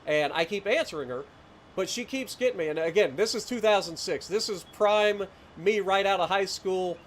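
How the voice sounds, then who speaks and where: A man in his late thirties with a high-pitched voice and a rural southeastern Ohio accent talks at normal speed over a faint hiss or hum. He's chatting casually on a gameplay livestream, greeting chat, chuckling often, and wandering through rambling stories.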